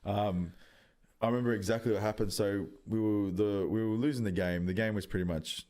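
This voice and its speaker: A young Australian man in his twenties, telling a story in loose, casual podcast chat, swearing freely and pausing on many ums. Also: fairly low pitch, fairly even intonation, a little mellow. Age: 20s. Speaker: podcast guest, rugby league player.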